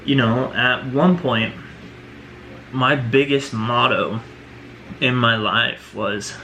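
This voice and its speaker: A man's voice: medium pitch, fairly even intonation, slow, pushed and bright, a little hiss or hum, low-quality recording. A man talking earnestly in a personal vlog, leaning on "you know" and "right?" as he reflects. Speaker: vlogger.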